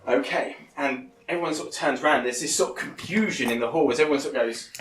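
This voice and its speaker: A man's voice: on the high side, fast, echoey room, recorded from a distance, loud music behind the voice, rough recording. A man narrating a tabletop game as game master, rambling with many fillers and restarts.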